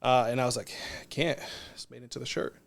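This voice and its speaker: Gravelly, flat-voiced man telling stories. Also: medium pitch. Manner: earnest, reflective, unhurried. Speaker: non-profit co-founder, podcast guest. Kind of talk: casual storytelling interview.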